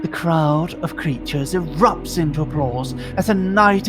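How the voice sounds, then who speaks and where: A woman streaming a game, narrating an interactive story in a lively, quick casual way. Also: deep voice, music in the background. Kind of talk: casual narration of a choose-your-own-adventure.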